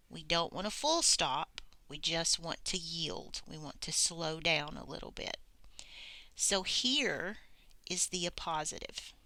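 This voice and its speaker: Slow, gravelly teacher woman. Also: deep voice, expressive, bright, forceful tone, no room sound. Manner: slow, deliberate, reads examples aloud with pauses. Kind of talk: recorded grammar lesson.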